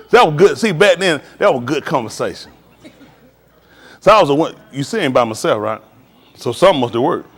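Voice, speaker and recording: A man's voice: on the high side, big pitch swings, a little fast, long reverb tail. A middle-aged man, a preacher, giving casual advice on a live stream, telling stories in vernacular and laughing as he goes.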